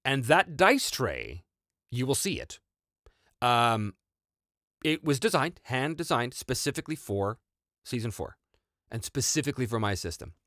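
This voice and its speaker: A man's voice: medium pitch, unhurried, pauses often, no room sound, clean studio sound. A man hosting a tabletop RPG channel, answering viewer questions in casual chat with plenty of fillers and restarts. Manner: animated, rambling, many fillers and restarts.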